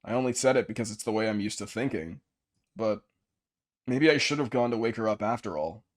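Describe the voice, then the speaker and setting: A man's voice: fairly low pitch, a little fast. Profane jokey male streamer reading game text. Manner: profane, jokey, reads narration aloud. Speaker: streamer playing a visual novel. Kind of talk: casual let's play, reading game text aloud.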